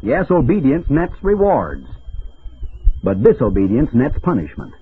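A male radio preacher delivers his sermon with emphatic, declamatory force, his voice swinging widely up and down. The tone is somewhat husky, and the sound comes through as a thin, tinny, lo-fi radio broadcast. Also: medium pitch, wildly swooping pitch, unhurried.

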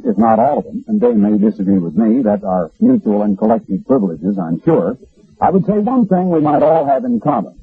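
A man preaching a radio sermon in an animated, folksy and emphatic way, with a gravelly voice. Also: mid-range voice. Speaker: radio Bible broadcaster. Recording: lo-fi radio broadcast.

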